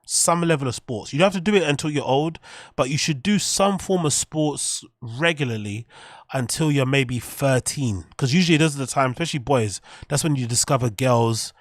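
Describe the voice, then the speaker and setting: A man's voice: medium pitch, normal speed, dry recording, clean studio sound. A man hosting a livestream, rambling and swearing casually as he talks to his viewers. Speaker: streamer host.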